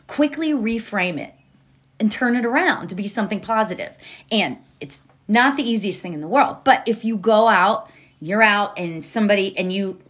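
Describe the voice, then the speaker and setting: A woman's voice: medium pitch, a bit bright. A woman hosting a motivational podcast, talking casually and directly to her listeners with frequent laughs. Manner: chatty, laughs often, addresses listeners directly. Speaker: podcast host.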